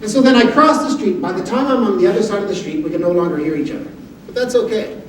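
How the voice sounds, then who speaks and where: A man giving a motivational talk, telling humorous personal stories with an animated, self-deprecating delivery. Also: high-pitched, fast. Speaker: motivational speaker. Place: university lecture hall. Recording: echoey hall audio from far off with background noise.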